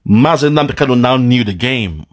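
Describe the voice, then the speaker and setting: A man giving an impassioned commentary, swinging between loud outbursts and low, mournful asides. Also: animated, normal speed. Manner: dramatic, swings between shouting and low lament. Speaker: political commentator. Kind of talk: impassioned monologue.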